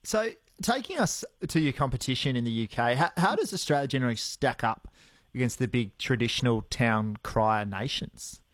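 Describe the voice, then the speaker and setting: A man's voice: mid-range voice, expressive, moderate pace, a bit bright, dry recording. A man hosting a radio interview, asking friendly, enthusiastic questions. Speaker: radio host.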